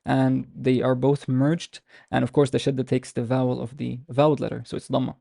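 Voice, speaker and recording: Male language teacher on a video call, gravelly mellow voice, dry close sound, patient and explanatory, drags out example words. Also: mid-range voice, little pitch movement, no room sound. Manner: explanatory, with frequent restarts and drawn-out example words. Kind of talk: online language lesson.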